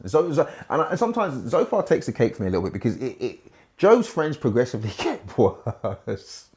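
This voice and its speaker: A man leads a Bible study in a lively, conversational teaching voice. He swings from hushed, slow lines to loud bursts and drops into laughing asides. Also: medium pitch.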